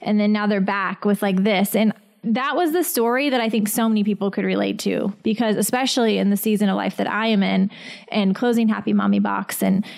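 A woman in her thirties co-hosting a casual podcast, chatty and animated, laughing often as she tells stories. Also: mid-range voice, a little fast, gravelly. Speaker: podcast co-host. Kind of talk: casual chat.

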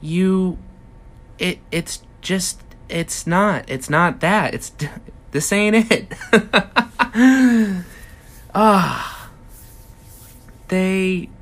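Brief: male comic host, slow drawn-out delivery, cursing exasperated rant. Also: high voice, fairly bright tone. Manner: profane, exasperated ranting. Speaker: podcast host. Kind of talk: comedic rant monologue.

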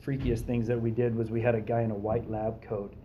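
A man's voice: medium pitch, a little fast, highs cut off, a little hiss or hum. A man co-hosting a podcast, telling a story in casual chat and acting out the voices of the people in it. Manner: animated, acts out quoted voices, frequent fillers.

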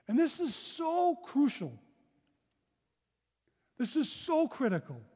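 A man preaching a sermon in a church, reading scripture in a lowered, softer voice and then speaking earnestly to the congregation. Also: huge pitch swings, takes it slowly. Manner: earnest preaching, dropping low and soft for scripture. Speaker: pastor. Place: church sanctuary. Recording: long hall reverb.

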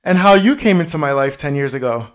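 A man's voice: fairly high pitch, fast, slight background noise. Man, playful podcast host. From Brooklyn, New York. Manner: playful, teasing, loud and animated. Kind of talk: casual podcast chat.

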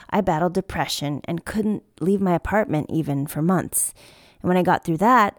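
A woman's voice: fairly low pitch, gravelly, warm tone, no room sound, clean studio sound. A woman in her thirties hosting a podcast, telling a candid personal story in an earnest, reflective way. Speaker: podcast host.

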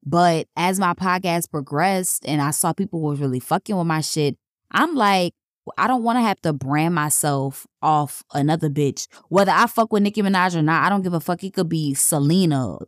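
A young woman hosting her own podcast in casual, blunt chat, swearing freely and jumping up in pitch when excited. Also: moderate pace, dry recording, studio quality. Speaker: podcast host.

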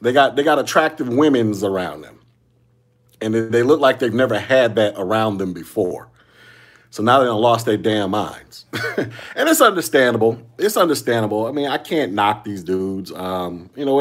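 A man hosting a solo podcast, giving casual commentary in loose slangy talk, repeating himself and chuckling often. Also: fairly low pitch. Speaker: podcast host.

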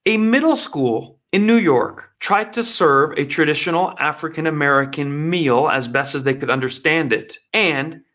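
A man's voice: fairly high pitch, moderate pace, hardly any pauses, a bit bright. A man hosting an online commentary show, reacting to news clips in a sarcastic, emphatic way and talking straight to his viewers.

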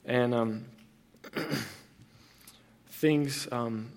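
A man's voice: mid-range voice, extremely slow. A young man preaching a sermon as pastor, earnest and conversational, with frequent restarts and fillers.

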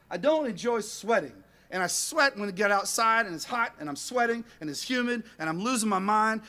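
A man telling an animated personal story to an audience in a rambling, self-mocking way, acting out bits of dialogue. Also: sits high.

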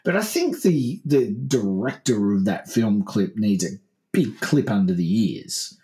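A man co-hosting a comedic podcast, bantering and slipping into quick silly character voices. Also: lowish voice, animated, warm tone, roomy sound. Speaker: podcast co-host. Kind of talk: comedic casual chat.

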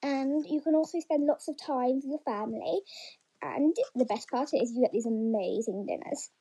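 Lady reading a kids picture book, high mellow voice, lots of ums, asks the kids questions. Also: moderate pace, husky, rough recording. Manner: chatty and encouraging, with frequent ums and stumbles. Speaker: story reader for young children.

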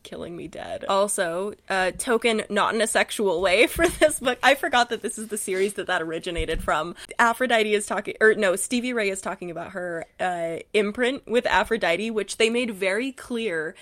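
A woman co-hosting a book podcast in casual chat. Her voice sits in a middle pitch. She laughs often and talks with animated energy as she recaps scenes. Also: normal speed, few pauses. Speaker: podcast co-host.

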